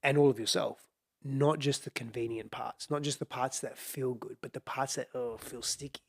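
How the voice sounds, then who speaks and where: A man's voice: medium pitch, fairly even intonation, moderate pace, gravelly, breathy edge. A middle-aged man speaking as a podcast guest, explaining in an earnest, reflective way and repeating phrases for emphasis.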